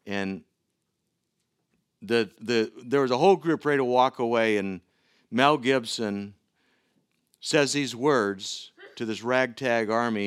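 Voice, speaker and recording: A middle-aged man preaching a sermon to his church, earnest and given to halting restarts. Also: mid-range voice, no room sound, clean studio sound. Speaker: pastor.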